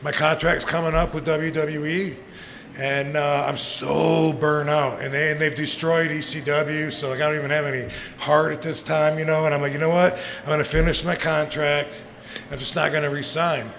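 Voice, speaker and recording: A man's voice: fairly high pitch, little pitch movement, moderate pace, creaky, fairly bright tone. Laughing man telling stories live. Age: 40s. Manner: rambling, profane, laughs often. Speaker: guest. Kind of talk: casual storytelling on a live podcast. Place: live show venue. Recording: live venue with long reverb and faint noise.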